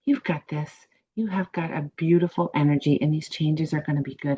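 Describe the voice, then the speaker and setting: A woman's voice: sits low, fairly even intonation, a little fast, mellow, muffled recording. A woman psychic giving an emphatic, encouraging reading to a viewer, repeating her reassurances. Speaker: psychic panelist.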